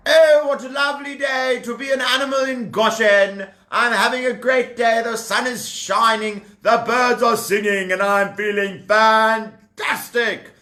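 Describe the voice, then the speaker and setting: Man doing a happy, high-pitched storybook farm animal, loud and bubbly, in an echoey room. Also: steady tone, measured pace, hardly any pauses, exaggerated voice. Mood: gleeful. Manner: exclaiming loudly, bubbly and sing-song. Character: cheerful farm animal in the sun, gleeful and carefree. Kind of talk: children's storytelling.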